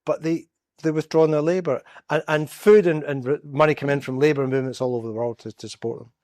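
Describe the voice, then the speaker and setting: Man giving a lively talk. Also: on the high side, fast, dry recording, clean studio sound. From Scotland. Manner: storytelling, acts out quoted voices. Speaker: guest speaker. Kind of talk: public talk. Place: church.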